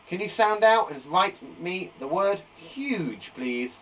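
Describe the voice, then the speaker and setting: A man gives a live phonics lesson to young children from a garden shed classroom, stretching out each sound slowly and praising often. His voice rises and falls a lot and sits fairly high for a man. He is sometimes a little off the mic. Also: big pitch swings, recorded from a distance, a little hiss or hum, rough recording. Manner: upbeat, encouraging, slow deliberate sounding-out of words. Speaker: primary school teacher.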